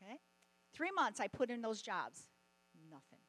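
A middle-aged woman giving a testimony sermon at a conference, telling stories in an animated way and often laughing. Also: on the high side, normal speed, poor audio. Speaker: conference speaker.

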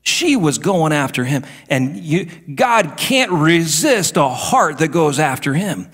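A middle-aged male pastor preaching a sermon, moving between hushed asides and emphatic declarations. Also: a little high, big pitch swings, slow, slightly rough.

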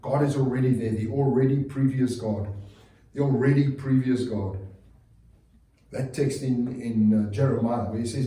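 A man's voice: mid-range voice, steady tone, moderate pace, mellow. A man preaching a sermon as a pastor, earnest and repetitive, often restarting his phrases. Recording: roomy, distant mic.

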